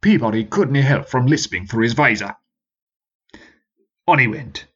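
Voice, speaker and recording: A man reading a story as narrator, in an expressive storytelling manner. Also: medium pitch, measured pace, slightly rough, muffled recording. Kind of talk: scripted narration.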